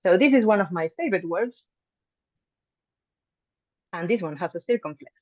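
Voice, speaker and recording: Animated and moderately paced, a lowish-voiced woman teaches a language class online, chatting warmly with lots of ums and restarts. The sound from her video call mic is dull, dry, and echo-free.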